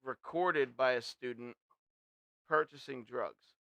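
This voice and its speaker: A man with a bright, crisp voice hosts a loose live stream, cracking crude jokes and steering the talk. The sound is dry and close to the mic. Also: medium pitch, takes it slowly, no echo. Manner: crude, joking, bossy about mic setup. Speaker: stream host. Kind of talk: casual stream chat. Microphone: headphones and shared microphone.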